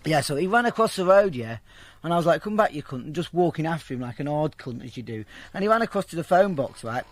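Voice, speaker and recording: Fast-talking, foul-mouthed man. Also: on the high side, no room sound. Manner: blunt, profane, animated storytelling. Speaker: storyteller. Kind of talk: casual anecdote told to an interviewer.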